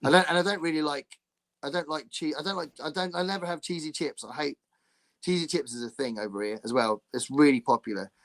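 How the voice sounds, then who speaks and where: A man's voice: a little high, quick pace. A man from England, hosting a casual podcast chat over a video call, laughing often and restarting his sentences. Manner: laughs often, chatty and animated with frequent restarts. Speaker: podcast host.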